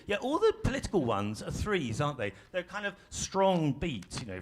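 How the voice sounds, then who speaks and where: A man's voice: fairly high pitch, very animated, normal speed, few pauses, a bit bright. A man leading a live workshop for an audience in a ballroom, in a conversational way with self-deprecating humor. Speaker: workshop facilitator. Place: large ballroom stage.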